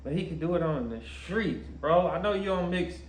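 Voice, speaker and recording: A man reacting to a video clip in casual commentary, talking in animated bursts and ending lines with "bro". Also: high voice, fairly quick. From Los Angeles area. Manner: animated, laughing, repeats "bro". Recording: roomy echo.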